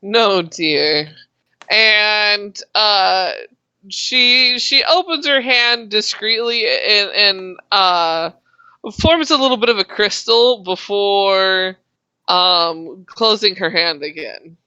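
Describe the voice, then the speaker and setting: A woman narrates a tabletop game as dungeon master, slow and halting, filling pauses with ums. Her voice is bright and smooth. It sounds dull and dry, recorded close on a home mic. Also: medium pitch, no echo. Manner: unhurried, halting narration with fillers.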